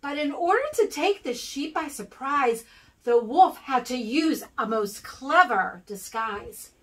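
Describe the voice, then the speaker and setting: An American woman reading a rhyming picture book aloud to kindergarten children, expressive and sing-song. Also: high voice, slow, recorded from a distance, poor audio. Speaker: guest reader for kindergarten.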